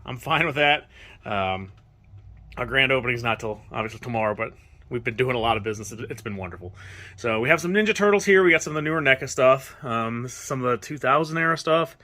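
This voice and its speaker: A man who owns a toy store, walking through it and talking casually and excitedly, often restarting his sentences. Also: mid-range voice, quick pace. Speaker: toy store owner giving a tour. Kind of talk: casual walkthrough tour.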